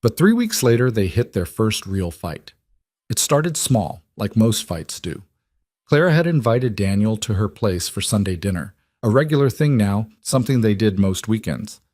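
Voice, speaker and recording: A man narrating a scripted drama story in an even, measured way. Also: lowish voice, dry recording, studio quality.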